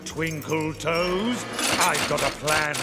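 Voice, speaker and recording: An actor playing a gloating male diesel engine villain in a film, slow and chuckling. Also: fairly high pitch, heavy background noise. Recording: film clip with loud score.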